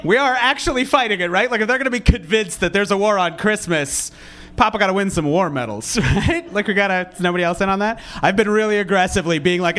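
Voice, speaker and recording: Brief: young male stand-up comic, fairly high voice, sarcastic and self-deprecating, rambling. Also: fast, bright, forceful tone. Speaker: stand-up comedian. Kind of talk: stand-up comedy set.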